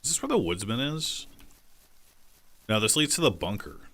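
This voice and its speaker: A man's voice: on the low side, very animated, normal speed, a bit bright. A young man casually commenting on his gameplay, joking, swearing freely and talking to his chat. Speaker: streamer.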